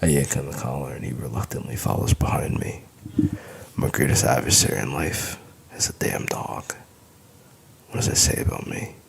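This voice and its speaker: A man's voice: rumbling low, moderate pace, vocal fry, a little hiss or hum. A man narrating an audiobook in the first person, with wry, weary humor.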